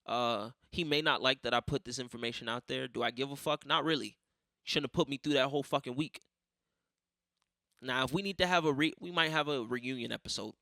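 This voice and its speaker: A young man with a gravelly edge to his voice, ranting on his own podcast. His tone is bright and forceful, and he swears freely as he tells stories about his week. The sound is close and dry, with no room echo. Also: mid-range voice, fairly quick. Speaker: podcast host. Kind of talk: casual monologue.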